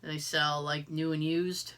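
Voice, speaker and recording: A woman co-hosting a podcast, telling a story in casual chat, animated and exasperated, swearing freely and joking. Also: deep voice, measured pace, clear, resonant tone. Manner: jokey, contradicts herself for laughs. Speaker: podcast co-host.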